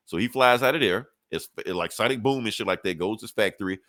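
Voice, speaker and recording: A man hosting a podcast, recapping a comic book in a casual, profane, animated way. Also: lowish voice, fast, no room sound. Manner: profane, animated storyteller, slips into characters. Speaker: podcast host.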